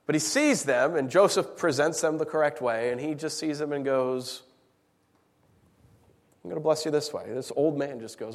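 A man preaching a sermon as pastor, animated, acting out voices as he retells the scene. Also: fairly high pitch, normal speed. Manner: animated, acts out voices in anecdotes. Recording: long hall reverb.

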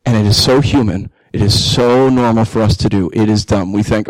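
A man in his thirties preaching a sermon to his congregation, animated, with jokey asides and emphatic peaks. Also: mid-range voice, fairly quick, hardly any pauses, no room sound, low-quality recording. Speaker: pastor. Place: church hall.

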